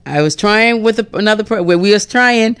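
A woman's voice: mid-range voice, a little fast, a bit bright, smooth. A woman hosting a radio book club hour, chatting casually, laughing often and acting out little voices.

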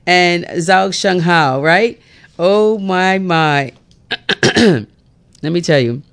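A woman's voice: on the low side, animated, drawn-out words, clear, resonant tone. A woman morning radio host chatting casually on air and often laughing at herself.

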